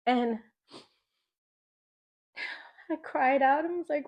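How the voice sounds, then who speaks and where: A young woman with a Philadelphia accent tells her birth story as a faith testimony. She talks casually and emotionally, with fillers, and slips into her own pleading voice from that day. Her voice sits a little high. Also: unhurried, dull audio. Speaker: faith vlogger sharing a testimony.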